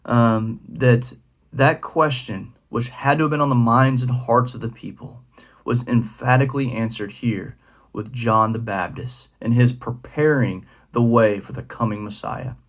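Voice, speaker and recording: A young man talks as a youth pastor giving a short devotional. His voice sits at an ordinary middle pitch. He keeps it relaxed and conversational, with plenty of fillers. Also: a little slow. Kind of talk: casual devotional talk.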